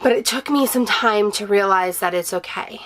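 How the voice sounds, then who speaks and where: A woman's voice: mid-range voice, moderate pace, fairly bright tone, slight background noise. Candid, emotional woman vlogging. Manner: loose, with many fillers and restarts. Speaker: vlogger, stay-at-home mom. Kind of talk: personal vlog confession.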